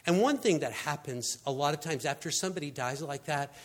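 A man's voice: fairly high pitch, a little fast. A man preaching a conversational sermon, telling stories and filling gaps with "I mean" and "you know.". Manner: animated storyteller, frequent fillers like "I mean" and "you know". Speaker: pastor.

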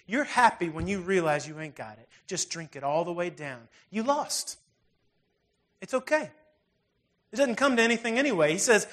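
High-voiced man preaching casually. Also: sing-song, moderate pace, pauses often, fairly bright tone. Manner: casual, conversational, earnest. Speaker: pastor. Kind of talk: sermon.

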